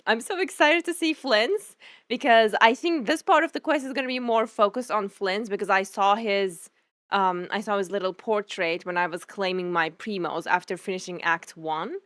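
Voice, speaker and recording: A woman's voice: medium pitch, moderate pace, fairly bright tone, no echo, studio quality. A young woman streamer greeting her chat in a bubbly, effusive way, laughing often and thanking viewers before a game stream.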